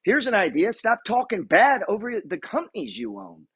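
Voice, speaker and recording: A man's voice: high voice, huge pitch swings, moderate pace, fairly bright tone, slightly rough. A man investor giving a blunt, profane motivational rant about money and real estate. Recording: dull lo-fi recording.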